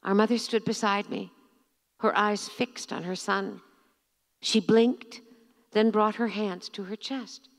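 A middle-aged woman, an author, reading from her memoir in a measured, expressive, theatrical way at a bookstore event. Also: mid-range voice, in a large hall.

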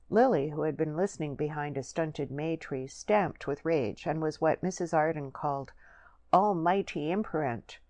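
Audiobook narrator, woman, very low voice, dry close recording. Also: a little mellow, no echo. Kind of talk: scripted narration.

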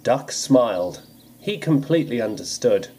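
A man narrating a children's storybook adaptation in an expressive reading style, with music underneath. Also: medium pitch, measured pace, slight background noise.

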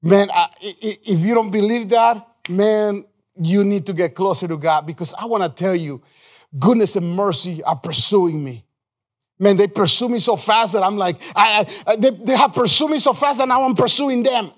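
A male pastor preaching a live sermon in a church, emphatic, repeating phrases, calling on the congregation and restarting his sentences in quick bursts. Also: sits high.

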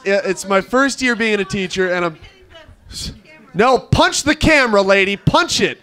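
A man in his twenties doing a stand-up set on an open-mic bar stage, brash, profane and animated as he tells stories. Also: high-pitched. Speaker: stand-up comic, first-year teacher.

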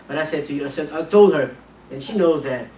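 Man, missionary preacher, earnest, repeats words, slightly high voice, echoey church, distant mic. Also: brisk, darkish tone, slight background noise. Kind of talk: sermon with a personal story. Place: church sanctuary.

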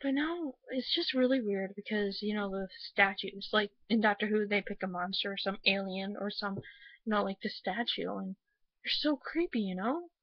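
A woman's voice: medium pitch, moderate pace, dry recording, muffled recording. A young woman from the United States giving a casual, rambling video review, gushing with many fillers after crying. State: just finished crying. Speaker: vlogger.

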